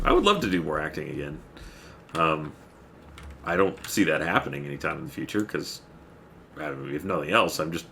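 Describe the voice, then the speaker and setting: A man's voice: very deep voice, gravelly, bright, forceful tone, a little hiss or hum. A man livestreaming a game, chatting casually, rambling and thanking viewers by name as he plays. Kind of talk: casual chat while playing a game.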